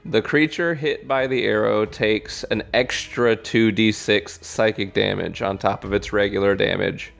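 A man's voice: on the low side, vocal fry. A man playing in a tabletop game, narrating his character's actions with teasing, crude humor. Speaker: player.

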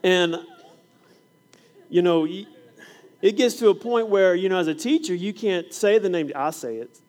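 Pitched high but in no hurry, a middle-aged man who preaches and teaches fifth grade science shares classroom tales within a sermon. He's a lively storyteller who acts the scenes out.

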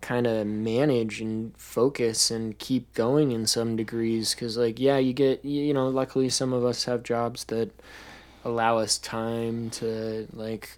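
Co-host, slow and deliberate, hesitant and reflective, lots of "um" and "like". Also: mid-range voice, flat delivery. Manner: thoughtful, hesitant, many fillers. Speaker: podcast co-host. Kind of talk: casual podcast chat.

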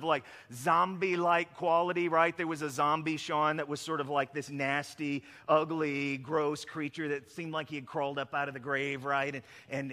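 A man delivers a sermon in a church sanctuary, his voice high and ringing bright. He preaches conversationally, spinning animated stories and checking in with frequent "right?" asides. A long reverb from the large hall trails each phrase. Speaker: pastor.

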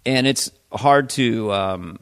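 A man's voice: medium pitch, slow pace, clean tone. A comedian in his sixties, a man, chatting as a podcast guest and slipping readily into voices. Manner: animated, slips into voices. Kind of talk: casual chat.

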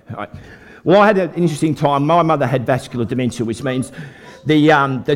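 An older Australian man telling a folksy faith story as a preacher to a live church audience. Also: on the high side. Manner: folksy storytelling, lively with the crowd. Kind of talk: testimony sermon.

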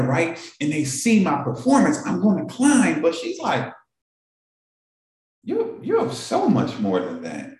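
A man's voice: on the high side, a little mellow. A man hosting a morning show, giving an emotional motivational talk to a live audience and repeating phrases for emphasis. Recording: very echoey room.

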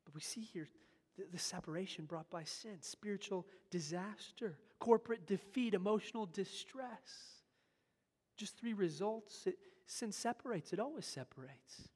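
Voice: medium pitch, lively intonation, moderate pace. Emphatic preacher in a reverberant hall. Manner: emphatic, swings between loud urgent passages and hushed asides. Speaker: pastor. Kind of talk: sermon.

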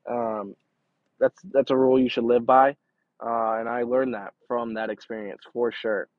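A man's voice: medium pitch, little pitch movement, moderate pace, no room sound, narrow, tinny audio. A young man hosting a podcast, telling a long rambling story in casual, profane talk, often with laughter. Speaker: podcast host.

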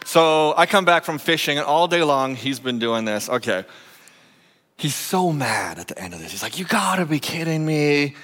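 A male senior pastor preaching a sermon in a playful, animated way, coaching a volunteer through a skit. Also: medium pitch, moderate pace. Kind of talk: sermon with a live audience skit. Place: church sanctuary. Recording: long echoing church hall.

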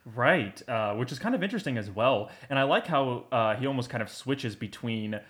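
An enthusiastic man co-hosts a podcast in loose, casual chat. His voice sits at a middling pitch, and he rambles, packing his talk with fillers. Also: expressive, normal speed, fairly bright tone. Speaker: podcast co-host.

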